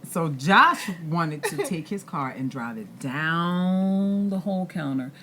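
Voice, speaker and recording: Low-pitched lady telling a funny mom story, very animated. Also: takes it slowly, slight background noise. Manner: animated, acts out quotes with laughter. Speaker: guest, wife and mother. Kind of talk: storytelling in casual chat.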